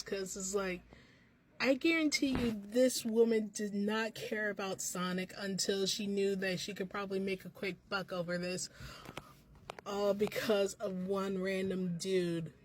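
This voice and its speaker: A woman's voice: mid-range voice, slight background noise, rough recording. A woman in her thirties hosting a podcast, talking off the cuff in a rambling, stream-of-consciousness way with many restarts, on a home microphone. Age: 30s. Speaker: podcast host. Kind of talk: unscripted casual commentary.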